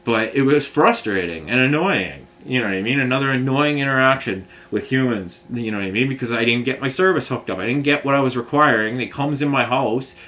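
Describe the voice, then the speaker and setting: A man's voice: mid-range voice, a little fast, hardly any pauses, bright, forceful tone. A man venting to camera in a rambling vlog rant, talking in long run-on sentences with lots of filler phrases. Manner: frustrated, run-on storytelling full of filler phrases. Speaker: vlogger.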